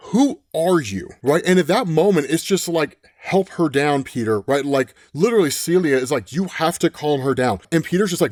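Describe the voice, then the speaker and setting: A man casually recapping a comic story, animated, quoting the characters as he goes and tagging lines with a quick "right?". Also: a little high, no echo, studio quality. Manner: animated retelling, acts out lines in quick quotes, frequent "right?". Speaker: comic book explainer.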